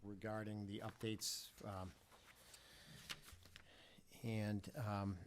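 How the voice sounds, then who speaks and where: Low-voiced man chairing a meeting. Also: level tone, a little hiss or hum. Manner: measured, halting with many fillers. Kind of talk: formal public meeting.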